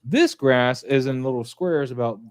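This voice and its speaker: A man's voice: medium pitch, moderate pace, no echo. A man hosting a casual livestream chat, rambling with many fillers in a friendly way. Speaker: podcast host.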